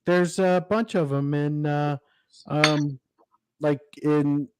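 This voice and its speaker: A man's voice: a little high, fairly even intonation, takes it slowly, background noise. A man co-hosting a casual livestream, hesitant and full of fillers. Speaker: livestream co-host.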